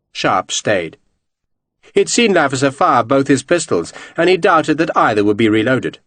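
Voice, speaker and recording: A man narrating an audiobook in an expressive, dramatic reading style. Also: medium pitch, moderate pace, no echo.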